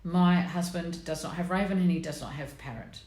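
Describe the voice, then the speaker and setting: Low-voiced chatty woman in an echoey room. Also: lively intonation, normal speed, darkish tone. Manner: chatty, blunt and self-mocking, greets viewers by name. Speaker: host of a personality coaching live stream. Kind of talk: casual live-stream talk to viewers.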